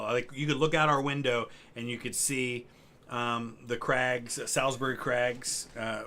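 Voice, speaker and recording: A middle-aged American man, co-hosting a live stream, chatting casually and answering viewers' questions. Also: medium pitch. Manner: relaxed, rambling, answers chat questions. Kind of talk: casual chat.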